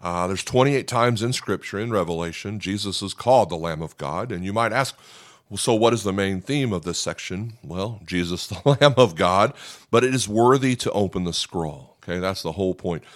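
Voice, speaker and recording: A pastor with a deep voice and lively intonation gives a conversational Bible teaching at a moderate pace. He often checks in with listeners by asking "okay?"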